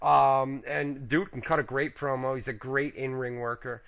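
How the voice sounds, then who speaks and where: A man hosting a casual talk radio show, loose and excitable and swearing freely. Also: mid-range voice, moderate pace, gravelly. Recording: lo-fi radio recording.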